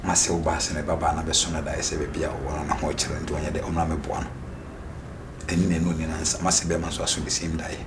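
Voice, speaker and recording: A man plays a worried young man with a deep Ghanaian-accented voice that trips over its own words. He talks fast, and steady background noise sits under the line. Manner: stammering, repeats words. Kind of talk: Ghanaian comedy drama dialogue.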